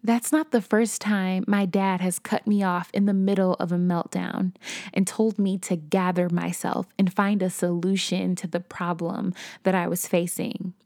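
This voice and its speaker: A woman's voice: mid-range voice, darkish tone, no echo, studio quality. A young woman hosting a podcast, telling a personal story in a candid, conversational way. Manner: candid, conversational, acts out quotes. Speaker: podcast host.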